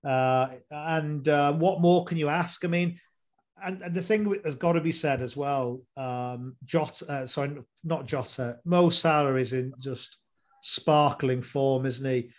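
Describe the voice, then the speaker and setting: A man's voice: a little high, a little slow. A man hosting a casual football chat, rambling with many fillers and restarts. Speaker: podcast host.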